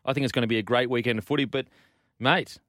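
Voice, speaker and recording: Aussie bloke hosting a podcast, upbeat banter, mid pitch, dry close mic. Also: male voice, steady tone, a bit bright, no echo. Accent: Australian. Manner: upbeat banter, quick hot takes, fond of "mate". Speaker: podcast host. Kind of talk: casual podcast chat.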